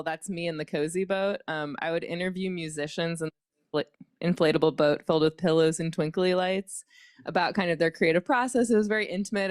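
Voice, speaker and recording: A woman's voice: lowish voice, no room sound, clean studio sound. Chatty woman presenter, lots of likes. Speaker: podcast producer, workshop presenter. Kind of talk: casual workshop talk.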